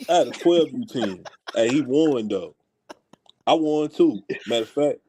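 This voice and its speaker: A man from Houston telling a story in casual talk with friends, animated and slangy, laughing as he goes. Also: medium pitch, unhurried, slight background noise. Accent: Houston, Texas. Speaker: podcast co-host.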